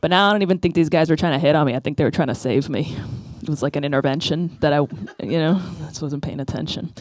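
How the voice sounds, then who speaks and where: A Bronx woman in her 30s works a comedy club stage as a stand-up, rambling and poking fun at herself while she keeps asking "right?" into the mic. Her voice sits low and darkish, she talks quickly, and the recording is dry.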